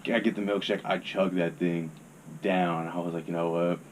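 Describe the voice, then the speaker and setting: A man's voice: deep voice, steady tone, normal speed, a little hiss or hum. A young man, a podcast guest, telling a rambling, laid-back story in casual chat and swearing freely.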